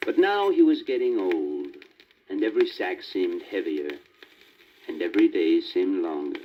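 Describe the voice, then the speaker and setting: A man narrating a children's storybook record in an expressive, lilting way, on a muffled old vinyl record with faint static. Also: low voice, a little slow.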